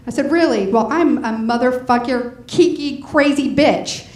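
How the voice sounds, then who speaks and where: Brash high-voiced woman doing stand-up. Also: measured pace, hardly any pauses, darkish tone, distant mic. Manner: bawdy, brash punchline delivery. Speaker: stand-up comedian. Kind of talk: stand-up comedy set. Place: comedy club stage. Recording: echoey club with faint noise.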